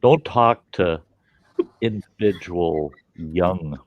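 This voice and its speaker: A man's voice: sits low, very slow, no room sound, highs cut off. A man hosting a casual chat, rambling through crude stories and laughing at them. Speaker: host.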